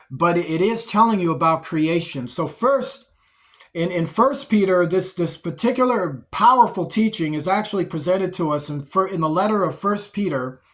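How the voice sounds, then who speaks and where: A man's voice: high voice, fairly bright tone. A man giving a spoken Bible teaching, speaking in repetitive lists and often restarting his phrases. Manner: repetitive, list-like delivery with frequent restarts.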